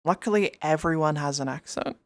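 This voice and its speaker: A woman's voice: low-pitched, fairly quick, no room sound. A woman streamer chatting casually and rambling, often breaking into giggles. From outside the US. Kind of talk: casual livestream chat.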